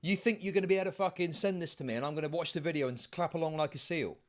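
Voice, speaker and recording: A streamer ranting furiously, yelling insults and profanity. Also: male voice, on the high side, very fast. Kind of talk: angry streamer rant.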